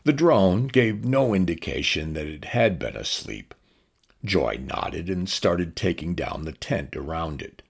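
A man narrating an audiobook in an expressive way, changing his voice for each character. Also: low voice, a little slow, creaky, breathy edge.

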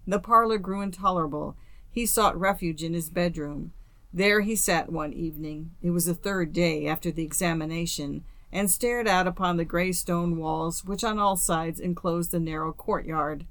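A woman reading a classic story aloud as an audiobook narrator, in a steady, measured way. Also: fairly low pitch, dry recording. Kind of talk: scripted narration.

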